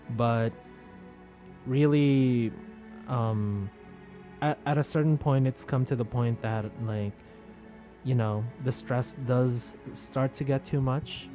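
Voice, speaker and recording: Slow-talking chatty male streamer. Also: mid-range voice, dark tone. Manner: rambling, chatty, self-deprecating. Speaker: VTuber streamer. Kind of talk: casual live-stream chat.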